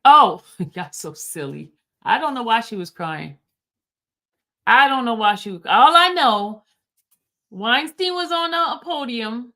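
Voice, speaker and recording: A woman's voice: a little high, lively intonation, a little slow, long pauses, pushed and bright. Casual woman hosting a live recap. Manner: stumbles over legal wording while reading aloud; casual, talks straight to viewers in chat. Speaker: livestream host. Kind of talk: livestream recap, reading court filings and answering chat.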